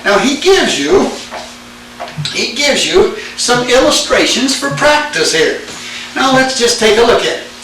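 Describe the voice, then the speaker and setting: A man's voice: high voice, background noise. A man teaching Greek grammar in a classroom, quizzing students with "all right?" and "now then". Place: church classroom. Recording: echoey room tape from far off.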